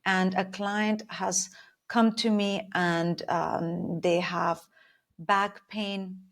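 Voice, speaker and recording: A woman's voice: medium pitch, steady tone, very slow. A woman working as a Pilates instructor, explaining her coaching approach in a thoughtful, step-by-step conversational way.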